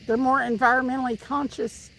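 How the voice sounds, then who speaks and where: A woman's voice: sits high, level tone, fairly quick, a bit bright, slight background noise, poor audio. A woman with a Southern Tennessee accent, hosting a live stream and chatting with viewers while she fishes outdoors by the water. She talks in a chatty, laughing way and often restarts her sentences. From Tennessee, USA. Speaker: livestream host reading chat. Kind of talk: casual chat with live viewers.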